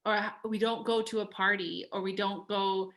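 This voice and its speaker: A woman's voice: medium pitch, level tone, normal speed, fairly bright tone. A woman life coach talking casually to a live coaching group. She is chatty, says "like" often and acts out quoted voices.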